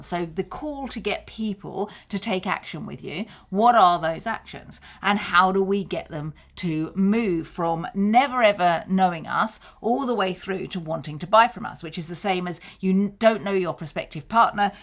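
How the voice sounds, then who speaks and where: A woman's voice: mid-range voice, a bit bright. A woman teaches marketing straight to camera as a coach. Her delivery is conversational and friendly in pace, and she slips into little acted-out exchanges to make her points. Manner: conversational, acts out short snippets of dialogue. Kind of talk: explaining to camera.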